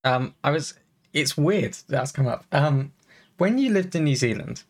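A man's voice: a little high, animated, unhurried, husky. A man co-hosting a podcast in casual chat, rambling and chatty with many fillers. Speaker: podcast co-host and streamer.

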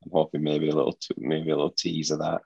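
A man's voice: a bass voice, monotone, fast talker, gravelly, darkish tone, slightly rough, no echo. A man co-hosting a gaming podcast from home, rambling with plenty of fillers and restarts. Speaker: podcast co-host. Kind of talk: casual gaming podcast chat. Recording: dull, slightly lo-fi sound.

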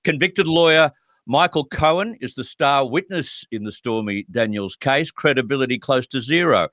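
A man's voice: mid-range voice, expressive, normal speed, fairly bright tone, no echo, studio quality. A man hosting political talk radio, speaking emphatically and indignantly. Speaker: radio talk show host.

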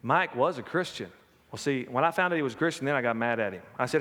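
A man's voice: medium pitch, animated, quick pace, fairly bright tone, long reverb tail. A middle-aged man preaching a sermon, telling folksy personal stories. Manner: folksy storytelling with laughs and acted quotes.

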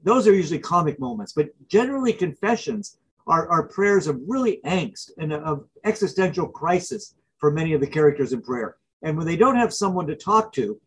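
Husky, animated male storyteller guest. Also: on the high side, low-quality recording. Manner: animated storyteller, acts out film scenes. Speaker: author and professor. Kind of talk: interview guest.

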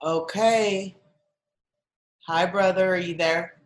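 A woman's voice: fairly low pitch, steady tone, slow. A woman podcast host chatting casually over a video call, talking in long run-on sentences. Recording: roomy video call audio.

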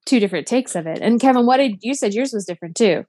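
A woman's voice: a little high, animated, fast, mellow, no echo. A woman co-hosting a podcast, leading a casual chat and handing turns to the others. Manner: conversational, leads the discussion and passes turns. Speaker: podcast co-host.

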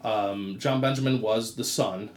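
A man co-hosting a podcast in casual chat, telling rambling stories that trail off quietly. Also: fairly low pitch, a little slow. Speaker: podcast co-host. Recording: roomy echo.

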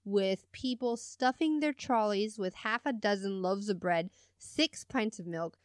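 A woman's voice: mid-range voice, a little slow, clean tone, no echo, studio quality. A woman with an American accent, reading a story aloud and chiming in with laughter during casual chat. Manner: giggly, chimes in. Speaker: podcast co-host.

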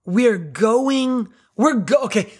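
A middle-aged woman pastor giving a sermon in a chatty, animated, self-deprecating way. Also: on the high side, slow, slightly rough.

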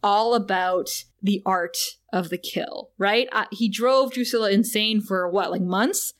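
A woman's voice: medium pitch, unhurried. A woman co-hosting a podcast, chatting casually and often laughing as she reads out dialogue. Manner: giggly, reads out dialogue with animated emphasis. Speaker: podcast co-host. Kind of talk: casual recap chat.

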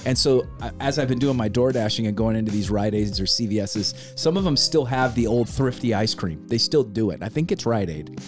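A man's voice: fairly low pitch, brisk, soft background music. A man telling a story in casual podcast chat, acting out quoted lines and swearing casually. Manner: animated, acts out quoted voices, swears casually.

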